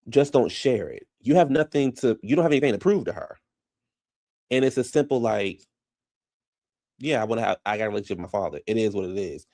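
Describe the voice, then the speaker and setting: A man's voice: fairly low pitch, no echo, clean studio sound. A man casually recapping a reality TV episode, chatty and frank, often trailing off and restarting mid-thought.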